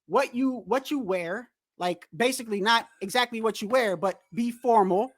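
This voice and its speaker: Male boxing streamer, high voice, loose profane storytelling, rambles. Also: moderate pace. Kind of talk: casual livestream storytelling.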